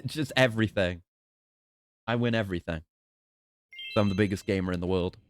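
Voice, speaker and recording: A man's voice: fairly low pitch, normal speed, soft background music. A man streaming a game, commentating casually with playful, jokey trash talk.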